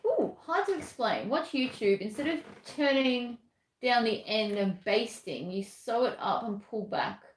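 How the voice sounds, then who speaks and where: A woman's voice: a little high, expressive, measured pace, reverberant. A woman with an Australian accent chatting casually while she sews, answering viewer comments bluntly. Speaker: sewing livestream host. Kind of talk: casual chat while sewing.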